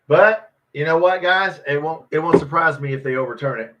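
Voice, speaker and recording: This man's voice sits on the high side, moves at a moderate pace, and is very noisy. Hosting a live football watch party, he yells at the game, swearing at players and refs as every play frustrates him, all over dull lo-fi stream audio.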